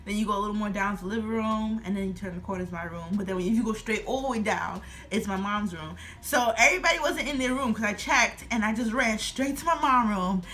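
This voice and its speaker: A woman's voice: medium pitch, fast, hardly any pauses, pushed and bright. A woman in her twenties telling a storytime vlog at home, laughing often as she talks. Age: 20s. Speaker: vlogger.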